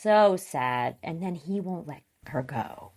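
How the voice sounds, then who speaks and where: A woman's voice: sits low, expressive, takes it slowly, a little mellow. A woman co-hosting a podcast, recapping a TV episode in casual chat and acting out scenes with little voices and sounds. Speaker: podcast co-host.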